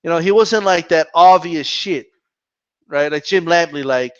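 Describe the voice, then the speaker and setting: A man's voice: on the high side, a little slow, fairly bright tone, muffled recording. A man hosting a live boxing talk stream, ranting with profanity and mocking mimicry. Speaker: boxing channel host. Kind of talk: live Q&A rant.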